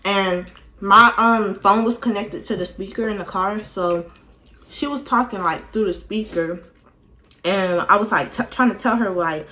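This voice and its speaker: A woman's voice: medium pitch, moderate pace, pushed and bright. A young woman hosting a vlog, chatting casually as she retells a story with plenty of fillers. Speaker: vlog host.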